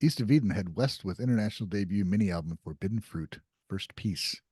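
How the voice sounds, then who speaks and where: Husky low-voiced man chatting casually. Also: a little fast, no echo, studio quality. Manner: relaxed, reads news items aloud. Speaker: podcast co-host. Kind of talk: casual chat.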